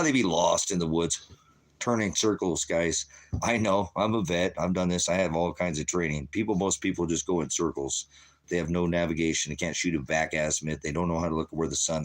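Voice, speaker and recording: With a low voice at a normal speed, the middle-aged host of his own channel delivers a combative, cursing, rambling rant directly to his viewers.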